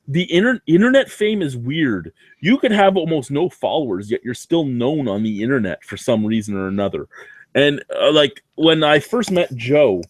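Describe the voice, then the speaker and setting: A man's voice: medium pitch, no echo. A man guesting on a casual chat, telling stories in a dry, self-deprecating, sweary way from a basement. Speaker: guest reviewer.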